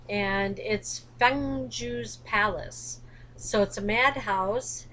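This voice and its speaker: A woman's voice: medium pitch, a bit bright, slight background noise, rough recording. A woman co-hosting a casual chat about theme park rides, bubbly and tripping over names. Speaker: co-host of a coaster channel. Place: indoors, dim room at home.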